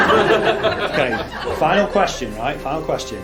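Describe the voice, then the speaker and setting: A man hosts a live comedy quiz in a lively, playful voice. He reads the questions deadpan and laughs along. It is recorded in an echoey venue with loud music behind him. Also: on the high side, normal speed, pauses often. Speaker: comedy podcast host running a quiz.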